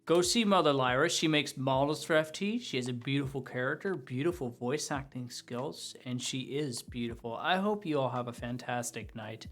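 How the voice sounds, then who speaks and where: A young man streaming from home, signing off after a role-play session in an excitable, sweary, laughing way. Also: medium pitch, normal speed, hardly any pauses, faint music behind. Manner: excitable, swears a lot, laughs between lines. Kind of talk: casual sign-off chat to stream chat.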